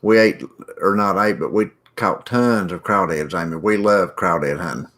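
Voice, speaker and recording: A man's voice: low-pitched, normal speed, fairly bright tone. A middle-aged man hosting a casual livestream, rambling in a folksy way and greeting viewers by name as he reads the chat.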